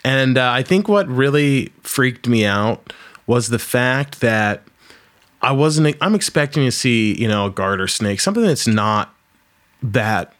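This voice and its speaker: A man's voice: medium pitch, expressive, unhurried, fairly bright tone. A man hosting a casual chat, telling rambling stories and swearing freely.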